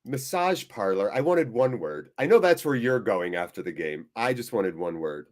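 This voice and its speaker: Sweary, weary football watchalong host. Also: male voice, fairly low pitch, sing-song, normal speed. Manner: sweary, jokey, reads out chat messages; weary and deflated. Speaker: host of a live fan watchalong stream. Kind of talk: casual live-stream chat reading viewer comments.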